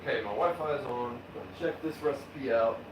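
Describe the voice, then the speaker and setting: A man's voice: medium pitch, normal speed, echoey room, background noise. A man live-streaming his home beer brewing, chatting casually, rambling and swearing as he works in his kitchen. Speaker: homebrewing streamer.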